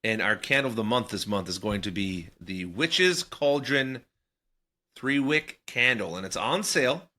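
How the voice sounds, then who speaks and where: Bright, lively male podcast co-host. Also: mid-range voice, measured pace. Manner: laid-back, rambling, laughs often. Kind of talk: casual banter.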